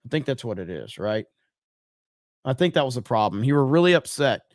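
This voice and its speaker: A man's voice: medium pitch, big pitch swings, a little fast, dry recording, studio quality. Blunt, profane male livestream host. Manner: blunt and profane, repeats himself for emphasis. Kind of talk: casual livestream talk reading chat.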